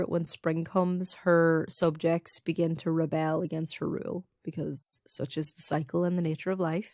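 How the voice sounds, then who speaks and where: The voice is a young Irish woman's, low-pitched and close, in a dry, dead room. She chats casually through old folklore, with quick asides and the odd swear word. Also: a little mellow, no echo. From Ireland. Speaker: podcast co-host. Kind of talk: casual chat, retelling folklore.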